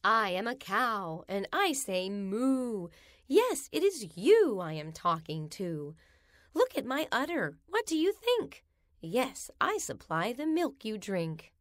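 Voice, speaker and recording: Woman reading rhymes, slow and lively. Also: medium pitch, dry recording, clean studio sound. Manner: slow, sing-song storybook reading. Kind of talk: reading children's rhymes aloud.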